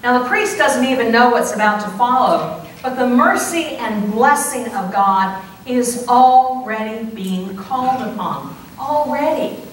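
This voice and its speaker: A woman priest preaching a sermon, slow and deliberate with playful conversational asides. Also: a little high, expressive, a little hiss or hum. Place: church sanctuary. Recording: echoey church heard from a distance.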